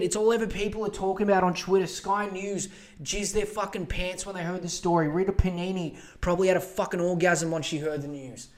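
A man's voice: sits high, steady tone, brisk, a little mellow. A man hosting a podcast, ranting casually and profanely, rambling with many fillers. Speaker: podcast host. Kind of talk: casual rant.

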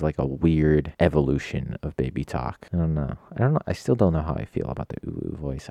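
Very deep gravelly young man, rambling. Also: brisk, few pauses, mellow, no room sound. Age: young adult. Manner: rambling, digressive, self-mocking. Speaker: podcast host. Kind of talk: casual solo chat. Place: at his desk at home.

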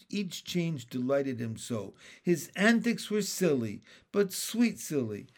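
A man reading a children's storybook aloud in a lively, unhurried way. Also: a little high. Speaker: reader.

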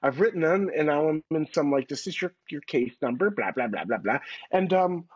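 A man as a podcast guest, telling stories in an animated, slangy way with casual swearing. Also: a little high, brisk, husky, dry recording, highs cut off. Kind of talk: casual storytelling chat. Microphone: phone call-in.

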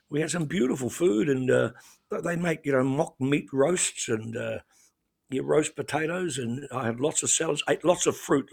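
Gravelly Australian man telling stories. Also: fairly high pitch. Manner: chatty storyteller with many restarts and fillers. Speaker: regular commentator. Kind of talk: casual radio chat.

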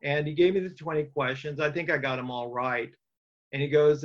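A man's voice: fairly high pitch, steady tone, fairly quick, lo-fi sound. A man giving a personal testimony at a recovery meeting, telling his story plainly with dry humor and frequent fillers.

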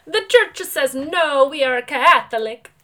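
Bright, high stern old mama in broken English, put on by a woman, for comic podcast banter. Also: lively intonation, takes it slowly, heavily acted. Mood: scolding. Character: stern old Italian mother scolding her son.

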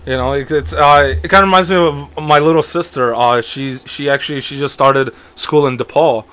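A man's voice: mid-range voice, steady tone, normal speed, a bit bright, clean tone. A young man as a podcast guest in casual chat, laid-back and hesitant, trailing off with fillers.

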